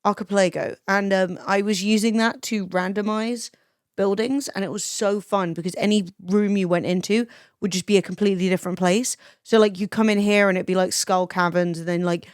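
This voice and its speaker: A woman's voice: medium pitch, steady tone, fairly quick, clean tone, no room sound. Chatty young woman streamer, dry close sound. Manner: chatty, swears freely, reads chat aloud. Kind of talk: casual gameplay stream chat.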